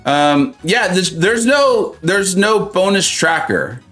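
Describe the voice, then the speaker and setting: A man with a somewhat high voice hosts a live gaming stream, chatting loosely with viewers and reading their comments aloud. He jokes and laughs easily as he goes. Faint music runs in the background. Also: sing-song, slow pace, sharp tone. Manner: chatty, joking, reads chat aloud, frequent laughs. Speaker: mobile game streamer.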